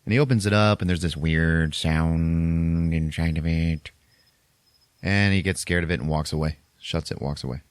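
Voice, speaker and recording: A man hosting a podcast and recapping a horror film in a casual way, animated and laughing often. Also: rumbling low, moderate pace, clear, resonant tone, dry recording. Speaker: podcast host.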